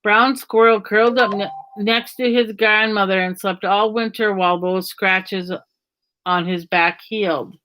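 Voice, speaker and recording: A woman reads a children's story aloud in a mid-pitched voice. She keeps a gentle, even storytelling pace. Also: unhurried.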